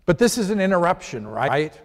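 Man, somewhat high voice, casual Bible class teacher quizzing his group, long hall reverb. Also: big pitch swings, a little fast. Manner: conversational, poses questions to the class. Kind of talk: informal Bible lesson.

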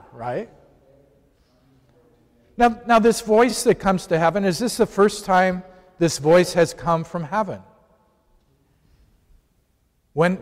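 A man with a fairly high voice teaches a Bible class in a loose, conversational way, often asking his listeners questions. His voice rings with a long reverb, as in a church hall. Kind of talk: informal Bible lesson.

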